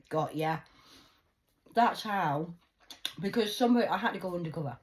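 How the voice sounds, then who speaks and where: Intense woman, lively delivery. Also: on the low side, moderate pace, long pauses, low-quality recording. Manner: intense, emphatic, swings between loud outbursts and hushed asides; confiding, addresses viewers directly. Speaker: vlogger. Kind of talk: emotional personal monologue to camera.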